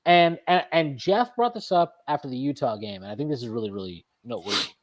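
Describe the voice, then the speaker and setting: This is a man who hosts a casual postgame sports show. He rants with heat and swears freely, often restarting and repeating phrases. His voice sits at an ordinary middle pitch. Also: lively intonation, fast talker. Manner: heated profane ranting, emphatic. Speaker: sports podcast host.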